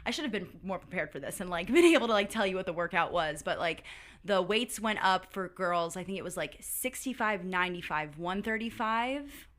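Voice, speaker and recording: A woman's voice: lowish voice, expressive, brisk, a bit bright. A woman in her thirties, a podcast guest chatting casually and telling stories, filling her talk with "like". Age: 30s. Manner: chatty storyteller, heavy use of "like". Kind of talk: casual interview chat.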